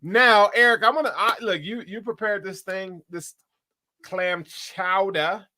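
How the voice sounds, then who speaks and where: A man co-hosting a casual sports podcast, with loud, joking, slangy banter. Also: high voice, a little slow. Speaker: podcast co-host.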